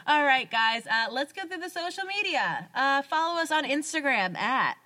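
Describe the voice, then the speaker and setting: A bubbly woman co-hosts a casual podcast in a fairly high voice. She reads listener stories and banters with her co-host, quick to laugh and full of playful energy. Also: bright, forceful tone. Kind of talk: casual podcast chat and story reading.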